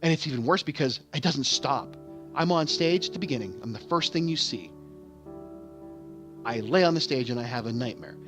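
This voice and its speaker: A man's voice: mid-range voice, expressive, normal speed. A man who acts on stage, talking candidly in a rambling way, often repeating words and restarting. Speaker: vlogger and stage actor. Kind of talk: candid casual monologue. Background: game music playing.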